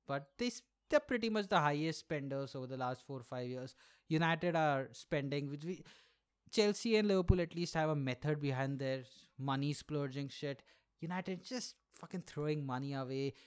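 A man hosting his own podcast in a loose, profane solo rant, full of fillers and restarts. His voice is smooth and clear and sits a little higher than most men's. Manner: rambling, profane, lots of fillers. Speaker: podcast host.

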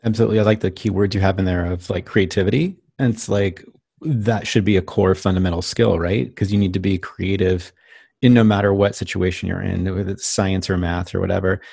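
A man hosts the interview, asking casual and thoughtful questions. His voice is low and mellow, with a husky, gravelly texture. The sound is dry, with no room echo. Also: steady tone, fairly quick.

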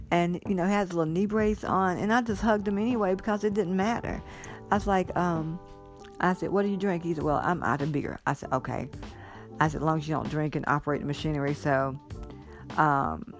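A woman vlogging casually, telling a rambling story and gushing with thanks, teary with joy. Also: mid-range voice. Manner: effusive, grateful, rambling storytelling. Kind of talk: casual vlog monologue.

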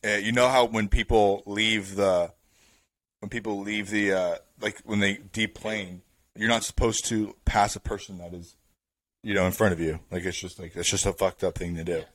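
A male podcast host telling a rambling story in a casual chat, full of fillers and slang, getting louder as it builds. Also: lowish voice, moderate pace, no room sound. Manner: rambling, filler-heavy with "like" and "bro"; animated, builds up to louder bursts.

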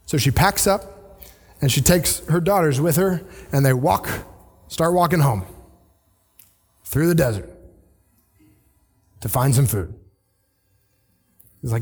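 Guy preaching a laid-back sermon, kinda high voice, big echoey hall. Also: slow, long pauses, slightly rough. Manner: casual, conversational preaching with animated paraphrases. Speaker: pastor.

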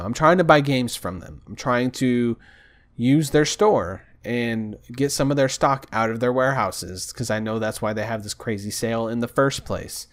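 A young man telling a frustrating story in a casual vlog, exasperated and acting out the phone calls he recounts. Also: medium pitch. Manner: exasperated, retells calls with mimicked voices. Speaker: vlogger. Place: home desk.

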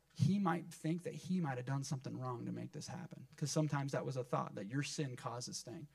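A man preaching a sermon to his church, animated, acting out the people he quotes and swinging between loud emphatic lines and hushed ones. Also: medium pitch, creaky, dry recording. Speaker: pastor.

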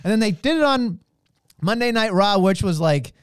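A man with a smooth, clear voice, a touch higher than most, chatting casually as a podcast co-host. He rambles and restarts his sentences. The sound is dry and close. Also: lively intonation, moderate pace, no echo. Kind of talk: casual wrestling chat.

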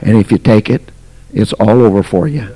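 A man preaching a sermon as pastor, telling a story dramatically, swinging from shouts to near whispers. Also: on the low side, normal speed. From United States.

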